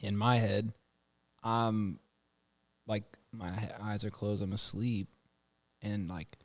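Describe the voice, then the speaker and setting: A male podcast host with a lowish, steady voice tells a story slowly in casual chat, acting out the voices of the people in it.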